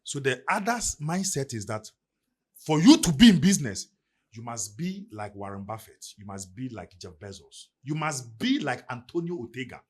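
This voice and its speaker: Emphatic Ghanaian man with husky voice. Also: medium pitch, big pitch swings, normal speed. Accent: Ghanaian English. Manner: preacherly, emphatic, rising and falling delivery. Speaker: podcast guest. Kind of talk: motivational podcast talk.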